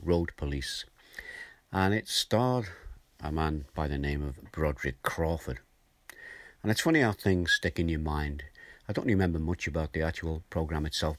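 Speaking in a gentle, conversational way with the occasional chuckle, a very deep-voiced older preacher explains scripture plainly during a morning devotional. The audio is close-miked and dry, with no echo from the room.

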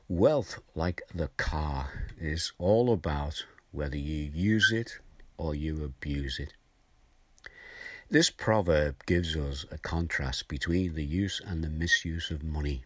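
An older man giving a gentle, conversational morning devotional as a preacher, reading and explaining a scripture verse. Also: rumbling low, slow, no room sound. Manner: gentle, conversational, chuckles now and then.

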